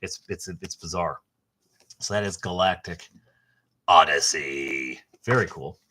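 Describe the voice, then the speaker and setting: A middle-aged man hosting a casual book unboxing, rambling and enthusiastic, with a halting way of talking. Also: low-pitched, bright, forceful tone. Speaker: host.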